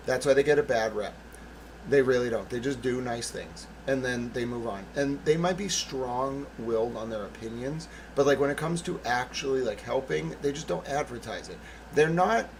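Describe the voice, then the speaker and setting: A man's voice: mid-range voice, a little hiss or hum, rough recording. A man hosting his own channel, delivering a blunt, profane, sarcastic political monologue. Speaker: channel host.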